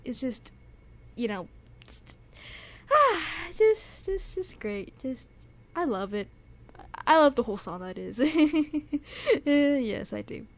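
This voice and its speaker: A young woman with a high voice reviews music in a casual, gushing way. She repeats herself, stacks up fillers and restarts, and keeps circling back to how amazed she is. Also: sing-song, slow, long pauses. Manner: gushing, repetitive, lots of "like" and restarts.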